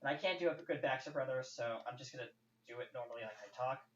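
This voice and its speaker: A man's voice: medium pitch, quick pace, a bit bright. A man runs a tabletop game, rambling along with plenty of ums and likes. He is picked up from a distance in an echoey room on a dull, lo-fi mic, with a faint hiss behind him. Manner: loose, rambling with many fillers. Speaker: game master.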